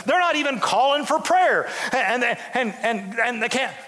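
A man in his sixties preaching a sermon as pastor, animated and full of restarts. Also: extremely high pitch, measured pace, hardly any pauses, long reverb tail. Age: 60s. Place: church sanctuary.

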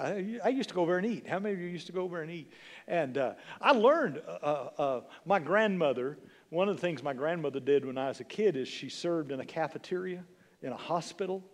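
A pastor in his sixties delivers an emphatic sermon. His voice sits a little high for a man and he leans on repetition and questions to the room. The sound carries a long reverb from the church hall. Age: 60s. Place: church sanctuary.

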